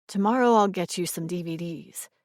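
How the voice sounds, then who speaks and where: A woman voicing a weary young father who talks to a small child quietly and patiently. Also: fairly low pitch, normal speed, no room sound, clean studio sound, close to an everyday voice. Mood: coaxing.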